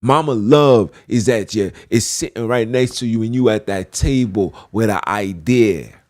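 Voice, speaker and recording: Man, preaching monologue, low voice, slow delivery, fervent, repeats himself, old-style scripture wording. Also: darkish tone. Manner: fervent and repetitive, with archaic scripture phrasing. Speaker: spiritual podcast host.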